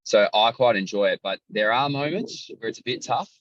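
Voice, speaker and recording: Loud, animated man. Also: on the low side, fairly quick, dry recording, muffled recording. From Australia. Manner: loud, outlandish storyteller. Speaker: guest, sports journalist and athletics commentator. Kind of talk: casual podcast chat.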